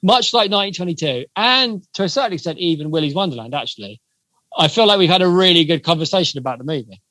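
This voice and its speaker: A man with a bright, fairly high voice, thinking out loud about a film on a podcast. He talks reflectively, pausing and restarting. The sound is dry and close. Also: animated, dry recording. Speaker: podcast co-host. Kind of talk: casual film discussion.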